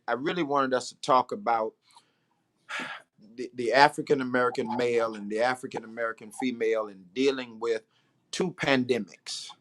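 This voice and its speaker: A man, a pastor hosting the interview, asking questions and speaking in a measured way with some pauses. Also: medium pitch, fairly bright tone. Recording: faint background noise.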